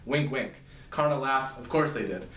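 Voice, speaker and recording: A man's voice: mid-range voice, normal speed, fairly bright tone. A man casually recapping a story, rambling and self-amused, full of fillers and side comments. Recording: echoey room, mic at a distance.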